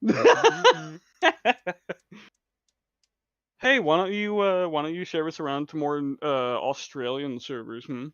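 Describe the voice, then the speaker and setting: A man's voice: on the high side, sing-song, slow pace, long pauses, fairly bright tone, smooth, no room sound. A man co-hosting a casual movie chat, swearing freely and laughing often. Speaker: podcast co-host. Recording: dull, lo-fi and dry.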